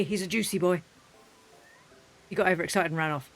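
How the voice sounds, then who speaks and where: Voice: medium pitch, a little fast, long pauses, a bit bright, soft background music. A gaming host giving casual gameplay commentary, chatting away, talking to the game's animals and breaking into mock-furious rants.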